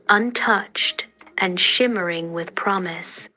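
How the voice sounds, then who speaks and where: Slow, gentle female storyteller. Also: medium pitch, steady tone. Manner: gentle, measured, dreamy. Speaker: narrator. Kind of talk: soft storytelling narration.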